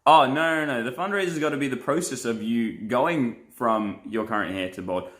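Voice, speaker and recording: A man's voice: medium pitch, normal speed, fairly bright tone. A young man, a pastor and live streamer, chatting casually and playfully as he reads viewer comments and laughs often.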